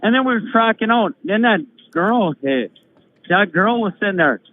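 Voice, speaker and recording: Excitable man on a tinny phone line. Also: high-pitched, normal speed, slight background noise. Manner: animated, swearing storyteller. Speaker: guest caller. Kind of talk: casual live-stream chat. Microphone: phone call.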